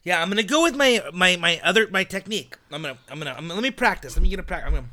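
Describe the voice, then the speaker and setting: A man's voice: high voice, very fast. A man co-hosting a podcast in casual chat, joking around and tripping over his words. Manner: jokey, animated, stumbles over words. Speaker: podcast co-host.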